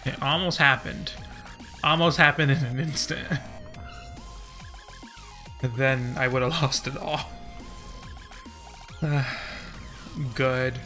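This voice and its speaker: A man's voice: medium pitch, steady tone, takes it slowly, pauses often, bright, forceful tone, faint music behind. A man rambling on a live stream, reading chat and joking about himself with frequent giggles. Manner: giggly, self-deprecating, joking.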